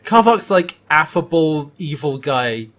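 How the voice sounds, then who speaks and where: A man's voice: on the high side, animated, measured pace, a bit bright. A man in casual chat recapping a TV episode, laughing often and acting out the characters' lines.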